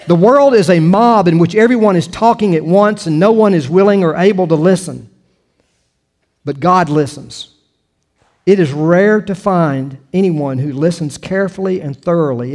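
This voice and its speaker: A man's voice: fairly high pitch, a little mellow. Conversational older male preacher. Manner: conversational, with repeated restarts and rhetorical questions. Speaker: pastor. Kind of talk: sermon.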